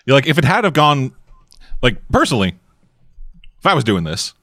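A man chats through a film in casual commentary, rambling and leaning on filler words. His pitch is mid-range but moves around a lot. The recording is dry, with no room sound. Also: sing-song, moderate pace, fairly bright tone, dry recording. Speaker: co-host reacting to a film. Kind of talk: casual watch-along commentary.

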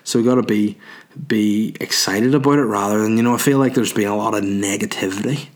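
A man's voice: fairly low pitch, fairly quick. A man with a Northern Irish accent, a stand-up comedian alone in a small room, chatting solo in a rambling, sweary way full of "you know". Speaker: stand-up comedian and podcast host. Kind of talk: solo casual chat.

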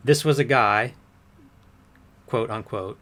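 A man acting out a defensive witness on the stand in a courtroom transcript reading. He answers in short, curt denials. His voice sits at an ordinary male pitch. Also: takes it slowly, bright, forceful tone. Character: defensive male witness testifying under oath. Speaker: witness under cross-examination.

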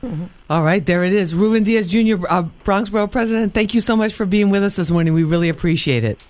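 A man hosting a morning TV panel, introducing guests and moderating in a brisk, upbeat way. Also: high-pitched, a little mellow. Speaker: morning show host.

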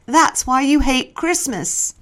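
A woman's voice: sits high, lively intonation, slow, a bit bright, pitched above the performer's own voice, full character voice. A woman voicing a dramatic, Christmas-loving female friend who speaks in a theatrical, disapproving way.

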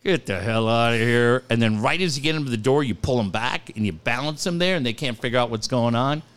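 A man's voice: medium pitch, fast talker. A middle-aged man hosting a radio show, telling profane stories in a casual chat and acting out the quotes. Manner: animated storyteller, profane, acts out quotes. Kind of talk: casual talk radio storytelling.

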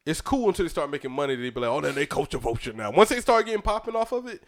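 A man's voice: a little high, sing-song, racing. A man with a New York accent, hosting a podcast in loose, joking casual chat, swearing and laughing often. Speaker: podcast host.

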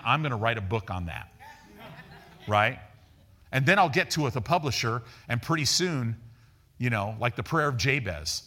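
A man preaching a sermon in a folksy, animated way, acting out the people in his stories and repeating words as he builds each point. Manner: animated, acts out dialogue with raised pitch. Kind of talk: sermon with storytelling.

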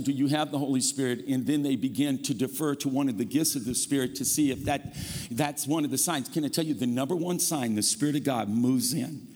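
A man preaching a sermon as guest pastor, telling funny stories and calling the congregation to say amen. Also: mid-range voice. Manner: animated storytelling preacher, calls for amens. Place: church sanctuary. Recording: long hall reverb.

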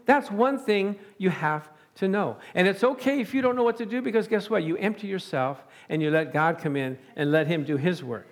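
A man preaching a sermon, animated and chuckling often, calling out to his congregation. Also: sits high, fairly quick, few pauses.

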